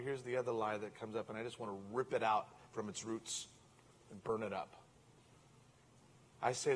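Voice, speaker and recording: A male pastor, preaching a sermon that moves from hushed near-whispers to loud, emphatic passages. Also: mid-range voice, normal speed, pauses often, slight background noise.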